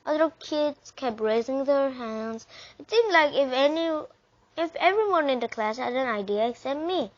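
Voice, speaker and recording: Brief: woman, expressive children's book read-aloud, lo-fi sound. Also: high-pitched, normal speed. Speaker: reader. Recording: dull lo-fi recording.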